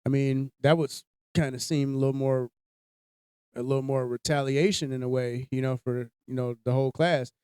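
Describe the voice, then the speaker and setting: A man's voice: medium pitch, fairly even intonation, normal speed, a little mellow, clear, resonant tone, no room sound, studio quality. A young man co-hosting a podcast, telling a story in casual, blunt, profane chat. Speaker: podcast host.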